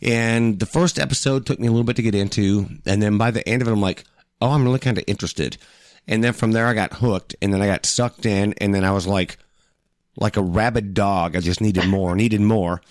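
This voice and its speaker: Joking guy cohost, lowish voice, dry close sound. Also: steady tone, brisk, dry recording. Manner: laid-back, joking. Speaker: podcast co-host. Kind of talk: casual chat.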